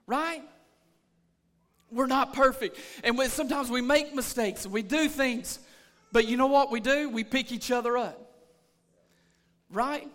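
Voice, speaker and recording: A man preaching a sermon as pastor of a church, rising from calm talk to shouting. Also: very high voice, big-room sound. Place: church sanctuary.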